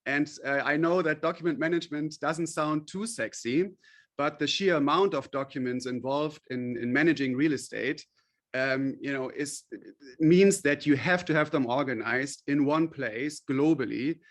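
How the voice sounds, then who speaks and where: A man's voice: fairly high pitch, moderate pace. A man being interviewed as a company CEO, explaining at length with many fillers and restarts. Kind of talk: podcast interview.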